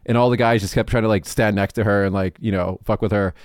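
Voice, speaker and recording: Male co-host, blunt and loose, a low, clean voice with a dry mic. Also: steady tone, fast talker, dry recording. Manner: blunt, swears freely, loose and rambling. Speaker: podcast co-host. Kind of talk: casual chat.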